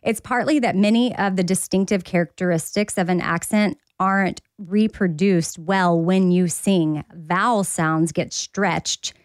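A woman's voice: lowish voice, fairly even intonation, measured pace, hardly any pauses, dry recording, clean studio sound. A woman in her thirties co-hosting a podcast, a mom who also works in live radio, talking in a casual chatty way. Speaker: podcast co-host. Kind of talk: casual chat.

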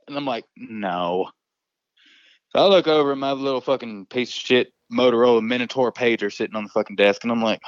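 A man's voice: mid-range voice, dry recording, dull audio. A man telling a profane, rambling work story as a volunteer firefighter, laughing often. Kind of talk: casual storytelling.

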